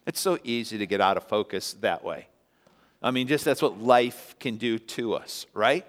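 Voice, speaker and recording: A male pastor preaching a sermon in a church, telling the story with animated, emphatic peaks and asking the congregation to respond. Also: on the low side, normal speed. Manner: asks the congregation to answer and respond. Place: church sanctuary. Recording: long church-hall reverb.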